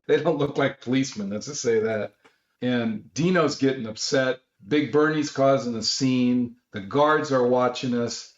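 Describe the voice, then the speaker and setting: Guy from LA telling a wild story, acts out quotes loud, kinda echoey room. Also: mid-range voice. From Los Angeles. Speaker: author and guest. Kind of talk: animated storytelling. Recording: roomy, slightly dull audio.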